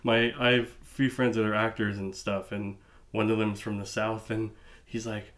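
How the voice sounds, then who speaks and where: A man hosting a podcast, asking questions in a relaxed, conversational way. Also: on the low side, moderate pace. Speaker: podcast host. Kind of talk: casual podcast interview.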